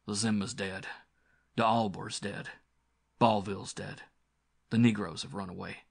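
A rugged adventurer, voiced by the narrator himself, winded and low as he comforts someone. His deep, soft voice stays steady and close, in a dry sound with no echo. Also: unhurried, creaky. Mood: soothing. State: out of breath. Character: rugged adventurer man, panting and protective.

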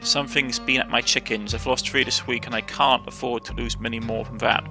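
A man with a Cornish accent voicing a gruff, stubborn old male farmer who speaks in a scolding way. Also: mid-range voice, fairly even intonation, brisk, over music, close to an everyday voice.

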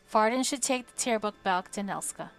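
A calm male deputy mage, read by a woman narrating an audiobook, measured and firm. Faint music runs quietly under the voice. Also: medium pitch, smooth, natural voice.

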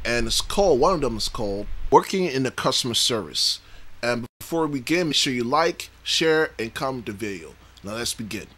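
A man hosts a casual YouTube reaction video, talking in a chatty, loose way and often breaking into laughter. His voice is middle-pitched with a bright, forceful edge. He stumbles and corrects himself now and then as he comments. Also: lively intonation, fairly quick.

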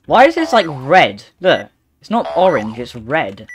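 A male gaming host giving live gameplay commentary, mostly calm remarks broken by sudden excited yelps and exclamations. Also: on the high side, unhurried, background noise.

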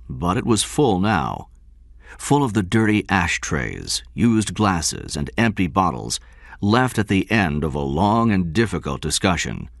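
A man reading a story aloud in expressive, measured scripted narration. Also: low voice, no room sound, clean studio sound. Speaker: audiobook narrator.

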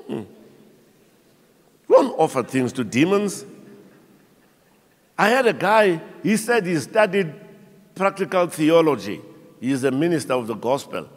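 This pastor, South African and on the high side, keeps a measured pace broken by long pauses. His sermon is lively storytelling, complete with impersonations of the figures he quotes, and the big hall gives it a lingering echo.

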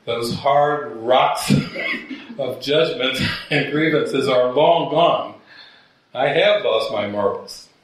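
A man, a spiritual teacher, telling stories to a gathering and often laughing at his own jokes. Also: mid-range voice. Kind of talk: talk to a gathering. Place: meeting hall at a gathering. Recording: very echoey room, voice from far off.

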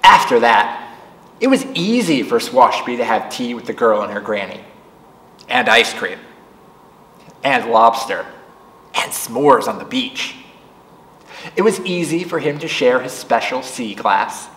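A man reading a picture book aloud to children at a storytime, chatting with them between pages. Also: medium pitch. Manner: slow, animated read-aloud voice for children. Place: library room. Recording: echoey room, distant mic.

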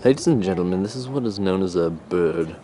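A man with a fairly low voice narrates a mock nature documentary while filming outdoors. He sounds mock-serious, crude and rambling. The camcorder audio carries clear outdoor background noise. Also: expressive, brisk. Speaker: narrator and camera operator. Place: outdoors in a neighborhood.

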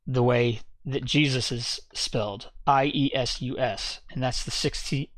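A man's voice: medium pitch, dry recording. A man teaching a Bible study in a conversational, explanatory way, often correcting himself as he goes.

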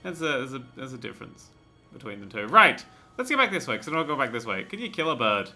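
A man's voice: mid-range voice, big pitch swings, quick pace, sharp tone, soft background music. A man hosting a let's play, talking through the game with jokey, sweary, rambling asides. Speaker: gaming channel host.

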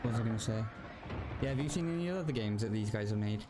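A man's voice: fairly low pitch, animated, fast talker, heavy background noise. A young man, bantering crudely and easily while watching a game. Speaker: co-host of a gaming channel. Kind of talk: casual let's-play commentary. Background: game music.

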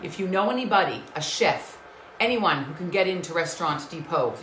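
A woman with a low-pitched but bright, forceful voice hosts a live-stream cooking show from her home kitchen. She talks in an effusive, gushing way, greeting viewers by name and calling them sweetheart. The sound is echoey, bouncing off the kitchen walls. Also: lively intonation, a little fast, a little hiss or hum.

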